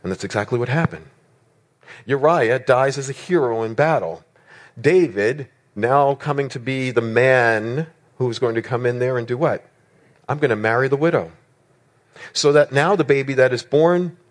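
A man preaching a sermon with a voice of middle pitch. He drives his points home with rhetorical questions and strings of words, and he rises and falls in pitch for emphasis. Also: moderate pace.

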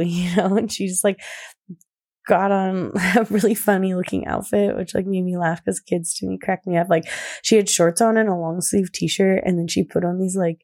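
Gravelly rambling young mom. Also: female voice, on the low side, a little mellow. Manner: rambling, many fillers and laughs. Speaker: podcast host, mother. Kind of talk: casual personal talk.

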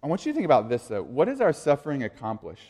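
A pastor in his thirties preaching a sermon in a casual, conversational way, moving from quiet asides to lively storytelling. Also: mid-range voice, very fast. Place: church sanctuary. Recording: long reverb of a large hall.

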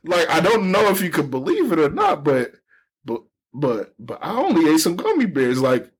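Animated young man telling a story. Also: fairly high pitch, normal speed, husky. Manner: animated storyteller, slangy, acts out quoted people. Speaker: podcast co-host. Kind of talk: casual storytelling chat.

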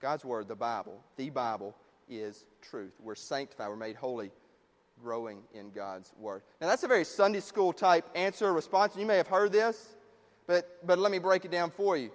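A man preaching a sermon in a conversational way, dropping low and quiet on his key points. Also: moderate pace, in a large hall. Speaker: pastor.

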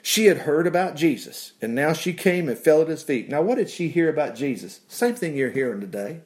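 Chatty man preaching, bit high voice, lots of ups and downs, chuckles a lot. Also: fairly quick. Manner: folksy, animated, laughs often, repeats praise the Lord. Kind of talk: conversational sermon.

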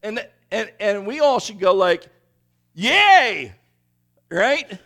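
A male pastor delivers a sermon with a slightly higher-than-average voice. He is animated and conversational, often turning to the congregation with questions. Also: moderate pace.

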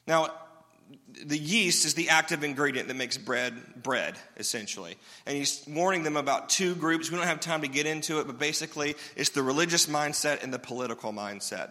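Bright, forceful man preaching. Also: mid-range voice, long reverb tail. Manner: conversational, joking, asks the crowd questions. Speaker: pastor. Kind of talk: sermon.

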